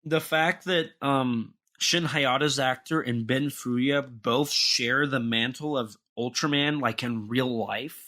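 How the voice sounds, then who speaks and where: A man's voice: medium pitch, slow pace, hardly any pauses, bright, forceful tone. A young man co-hosting a podcast, talking in a casual, rambling way with many restarts and fillers. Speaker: podcast co-host.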